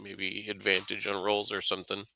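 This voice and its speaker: A man's voice: fairly low pitch, monotone, normal speed, gravelly, bright, forceful tone, no echo, rough recording. A man playing a tabletop game, laid-back and asking questions about the rules. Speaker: player. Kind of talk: casual tabletop game chat.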